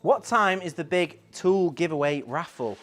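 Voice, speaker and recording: Man, live stream host, casual rambling chat, slightly raised pitch, soft music behind. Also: animated, a little slow. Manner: chatty and rambling, reading out viewer comments.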